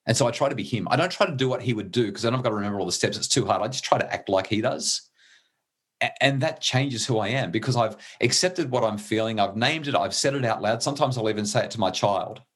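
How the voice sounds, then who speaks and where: A man's voice: medium pitch, fast, husky. A middle-aged man explaining parenting ideas in an earnest, conversational way as a guest, restarting phrases when he gets emotional.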